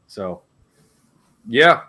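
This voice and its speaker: A man's voice: drawn-out words, bright, forceful tone. A man in his forties from Canada, hosting a live guitar Q&A stream in casual, jokey chat. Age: 40s. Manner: rambling and jokey, laughs between remarks.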